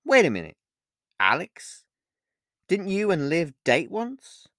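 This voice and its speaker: A man's voice: fairly high pitch, wildly swooping pitch, slow, a bit bright, dry recording, clean studio sound, pitched above the performer's own voice, full character voice. A man reading an audiobook, voicing a curious, outspoken young woman who asks frank, probing questions.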